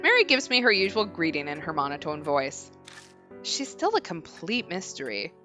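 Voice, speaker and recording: A woman reading the inner narration of an anxious young male lord trapped in a haunted mansion from a horror game, in her own lively voice. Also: on the low side, normal speed, soft background music. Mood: uneasy.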